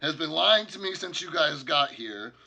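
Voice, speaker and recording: A man voicing an exasperated male camp boss who is overwhelmed and strains his voice higher and louder as he pleads. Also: expressive, moderate pace, gravelly, full character voice. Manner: pleading, strained, growing loud.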